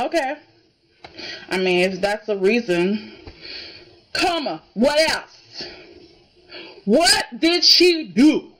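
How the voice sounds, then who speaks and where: High, lively woman ranting about a soap. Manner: indignant, emphatic, keeps asking "okay?". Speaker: soap opera reviewer. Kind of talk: casual reaction commentary.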